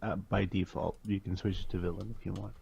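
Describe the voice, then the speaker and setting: A man's voice: low voice, little pitch movement, quick pace, gravelly, mellow, lo-fi sound, a little hiss or hum. A man playing in a tabletop game, talking offhandedly. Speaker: player. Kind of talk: casual tabletop game chat.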